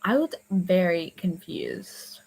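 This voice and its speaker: A woman's voice: fairly low pitch, lively intonation, slow pace, vocal fry, darkish tone, husky, low-quality recording. A young adult woman telling a personal story in a casual, rambling way, full of fillers, restarts and sudden whispers. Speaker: storyteller vlogger.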